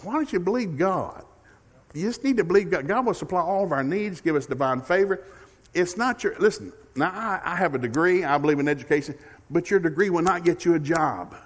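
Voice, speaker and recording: A middle-aged male preacher with a somewhat high voice. He delivers a folksy, humorous sermon that swings from loud, emphatic exhortation to quiet, confiding asides. His voice rings out through a church sanctuary with a long, trailing reverb. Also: expressive, brisk. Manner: folksy, humorous, repeats key phrases. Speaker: guest preacher.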